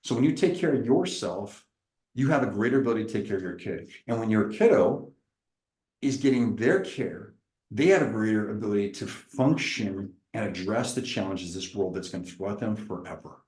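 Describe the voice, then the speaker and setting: A man, a chiropractor, giving an energetic, preacher-like seminar presentation. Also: lowish voice, fairly quick, echoey room, rough recording. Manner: lively, preacherly, acts out little dialogues.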